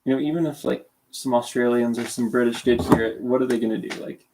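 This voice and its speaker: A young streamer from Calgary, Canada chats casually on a livestream at a quick pace, with medium pitch and fairly even intonation. He rambles and is self-deprecating, sounding sleepy with a sore throat, and there's background noise.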